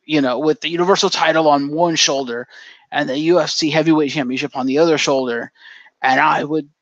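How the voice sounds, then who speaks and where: A man's voice: on the high side, steady tone, a little fast, fairly bright tone, no echo. A man co-hosting a casual podcast, telling a story with energy and swearing freely. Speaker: podcast co-host. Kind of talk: casual chat. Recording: dull lo-fi dry sound.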